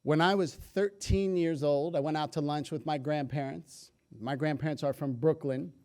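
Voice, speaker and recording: A man's voice: fairly high pitch, steady tone, moderate pace, darkish tone, smooth. Humorous storytelling man on stage. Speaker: speaker. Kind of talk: public health talk.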